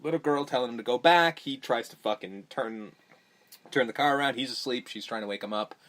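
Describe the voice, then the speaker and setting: A man's voice: mid-range voice, a little fast, a bit bright. A young man hosting a podcast, recapping a movie in a rambling, profane, offhand way. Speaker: podcast host. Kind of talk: casual movie recap chat.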